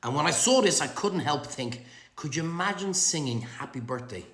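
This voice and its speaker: An Irish restaurant owner talking straight to camera in a blunt, sweary opinion vlog, sick with flu and clearing his throat. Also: a little high, expressive, normal speed, fairly bright tone, reverberant.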